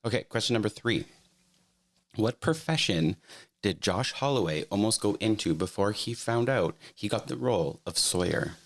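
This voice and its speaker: A woman's voice: a bass voice, expressive, normal speed. A woman co-hosting a podcast, running the trivia and telling behind-the-scenes stories in a chatty, casual way. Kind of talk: casual chat.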